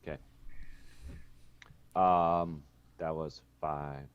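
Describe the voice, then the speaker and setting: A man's voice: a bass voice, steady tone, extremely slow, clean tone, narrow, tinny audio. A man playing a tabletop game online, tentative, asking questions about the rules. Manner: tentative, asks rule questions. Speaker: player. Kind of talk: casual play at the table.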